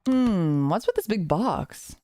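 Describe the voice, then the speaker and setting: A woman's voice: mid-range voice, animated, takes it slowly, warm tone, no room sound. A woman reading the lines of an earnest young man who is opening his own bakery, in a plain read-aloud manner. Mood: puzzled. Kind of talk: reading game dialogue aloud.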